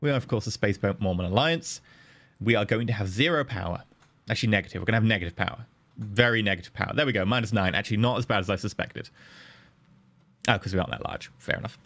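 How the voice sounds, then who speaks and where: A man streaming a strategy game, chatting casually and playfully with his viewers, thanking them and joking as he plays. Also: quick pace. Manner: chatty, playful, thanks viewers, bursts into high excited pitch. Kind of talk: casual livestream commentary.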